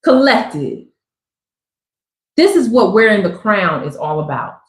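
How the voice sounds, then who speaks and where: A woman giving a live tarot reading, talking in a loud, slangy, preachy and joking way. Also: mid-range voice, big pitch swings, measured pace. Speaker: tarot reader. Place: Southern California. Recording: echoey room.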